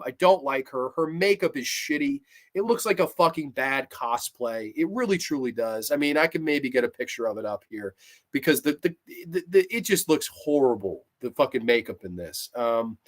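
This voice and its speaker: A man's voice: a little high, a bit bright. A man hosting a live movie review stream, swearing freely and ranting heatedly, then reading viewer comments aloud. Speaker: livestream host.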